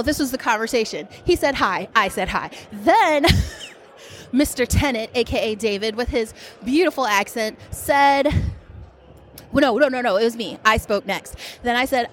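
High-voiced, gushing woman at a convention. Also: moderate pace, a little hiss or hum. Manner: gushing, breathless fangirl excitement. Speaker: podcast host. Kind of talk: on-the-spot excited recording. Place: convention hall.

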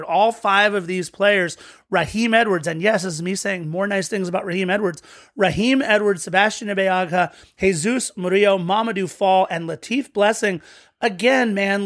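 A man's voice: high voice, a bit bright, no echo, studio quality. A man co-hosting a podcast, talking through a soccer match in an eager, rambling way with frequent restarts. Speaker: podcast co-host. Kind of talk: casual match-recap chat.

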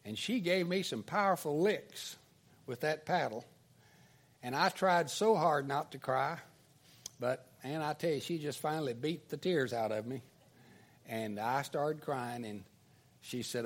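An older man preaching, telling a folksy childhood story in an animated storytelling sermon style. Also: medium pitch, unhurried.

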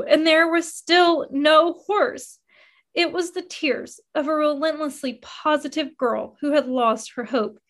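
A woman narrating a first-person memoir in an expressive reading that rises with emotion. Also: sits high.

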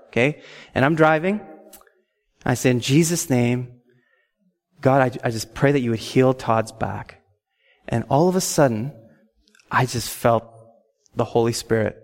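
A man telling a personal faith testimony in an animated, excitable way, with frequent "okay?" asides. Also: a little high, long reverb tail. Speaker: speaker sharing a faith testimony.

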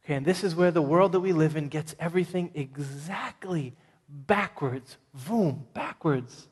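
A man preaching a sermon as pastor, emphatic, swinging from loud points to hushed ones. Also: a little high, normal speed, breathy edge. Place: large church sanctuary. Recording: long reverb of a large church hall.

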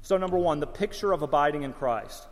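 A man's voice: a little high, fairly quick, big-room sound. A man preaching a sermon as pastor, mixing folksy stories and self-deprecating humor with Bible teaching.

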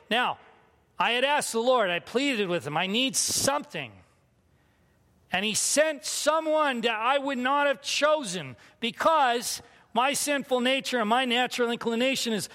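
A high-voiced man in his thirties preaches to his congregation in a candid, self-mocking storytelling manner. His voice carries a long reverb from the hall he speaks in. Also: lively intonation, a little slow, sharp tone. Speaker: pastor. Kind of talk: sermon with personal story.

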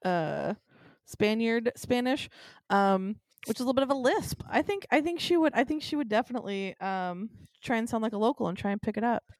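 A woman co-hosting a podcast drifts from thought to thought, filling pauses with ums and laughing often. Her voice sits fairly high, and the sound is close and dry with no room echo. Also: animated. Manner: rambling, with many ums and frequent laughs. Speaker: podcast co-host. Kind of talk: casual chat.

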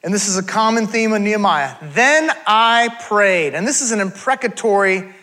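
Male pastor, high bright voice, conversational sermon with casual asides. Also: quick pace. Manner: conversational preaching with asides and self-corrections. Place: church.

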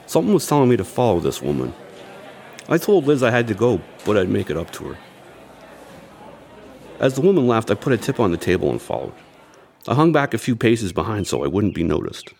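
An actor playing a young amateur detective who narrates his own story in an audio drama, telling it in a measured, tense way. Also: on the low side, very animated, gravelly, darkish tone. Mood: tense narration.

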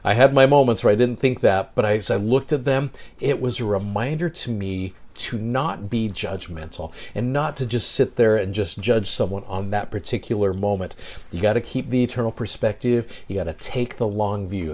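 A middle-aged seminary teacher hosting a podcast, telling a personal story in an earnest, reflective devotional talk. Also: male voice, lowish voice, darkish tone.

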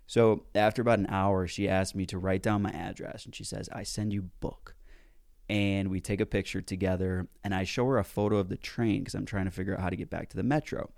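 A man telling a personal story in a casual, animated way, with some mild swearing, as a self-help speaker. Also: low voice, vocal fry, no echo, clean studio sound. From United States.

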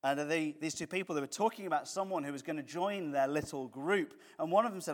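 A man's voice: on the high side, quick pace. A man preaching a conversational sermon as pastor, mixing jokes and acted quotes.

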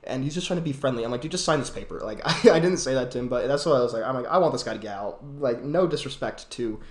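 A man's voice: medium pitch, fast talker, roomy sound. A young man hosting a podcast, telling a story in a rambling way with many fillers and restarts. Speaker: podcast host. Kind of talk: casual chat and storytelling.

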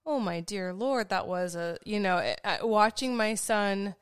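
A woman's voice: medium pitch, unhurried, clear, resonant tone, no room sound, clean studio sound. A woman co-hosting a podcast, speaking candidly and from the heart about raising her children. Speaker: podcast co-host. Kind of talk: casual conversation.

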